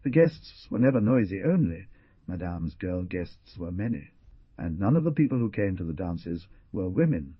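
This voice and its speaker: A man narrating an audiobook in a dramatic, lively reading style. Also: low voice, moderate pace, slightly rough, no room sound, dull audio. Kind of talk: scripted narration.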